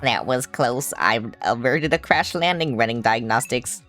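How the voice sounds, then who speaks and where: A streamer voicing a robot spaceship, reading game lines in a fast, flat monotone. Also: medium pitch, soft background music, close to an everyday voice. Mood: urgent. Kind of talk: reading game dialogue aloud in a voice.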